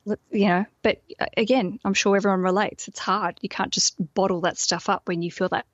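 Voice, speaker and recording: A woman from Australia with an Australian accent, chatting as a guest on a coaching podcast, lively and animated. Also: medium pitch, no room sound, dull audio. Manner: chatty and animated, with quick put-on voices. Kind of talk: casual chat.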